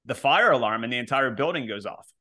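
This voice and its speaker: A young man casually telling a funny story, animated and full of fillers and laughs. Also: medium pitch, fast talker. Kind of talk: casual chat.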